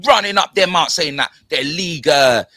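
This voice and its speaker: A young man with a London accent, hosting a football podcast in slangy, animated banter. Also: a little high, normal speed, dry recording, studio quality. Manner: slangy, animated banter with constant tag words. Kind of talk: casual chat.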